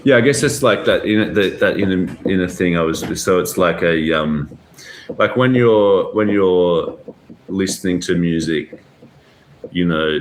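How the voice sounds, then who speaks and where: A man's voice: sits low, slight background noise. A man with an Australian accent, a guest pianist chatting casually on a podcast, rambling and storytelling with lots of fillers. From Melbourne, Australia. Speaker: guest, jazz pianist and teacher.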